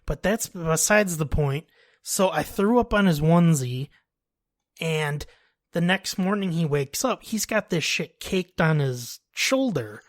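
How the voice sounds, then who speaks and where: A man's voice: fairly high pitch, expressive, unhurried, no room sound, clean studio sound. A young man co-hosting a podcast, telling a childhood story in a crude, joking way. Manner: crude, joking, laughs through stories. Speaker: podcast co-host. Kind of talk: casual storytelling.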